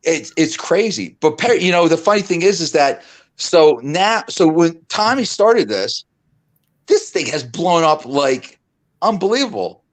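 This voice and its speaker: A man's voice: a little high, unhurried. A man in his fifties, a guest on a video call, telling stories in a casual, laughing chat. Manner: animated, laughing storyteller.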